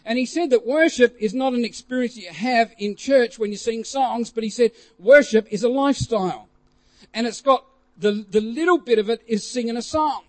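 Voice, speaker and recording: High-voiced man telling a testimony. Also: moderate pace. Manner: animated, rising to loud exclamations, many fillers. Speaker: preacher. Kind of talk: storytelling testimony.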